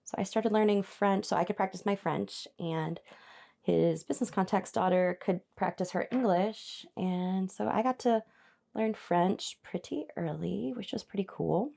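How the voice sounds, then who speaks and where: Medium in pitch, creaky and mellow, this young crafting channel host speaks at a measured pace while she hand embroiders at home. She tells a meandering story casually, laughing often and turning aside to address her viewers.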